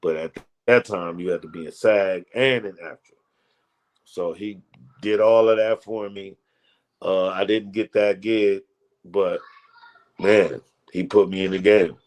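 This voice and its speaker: A man's voice: low voice, fairly even intonation, measured pace, long pauses. A man telling rambling, slangy stories in a casual interview. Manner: loose, rambling, slangy storytelling with restarts. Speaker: comedian guest.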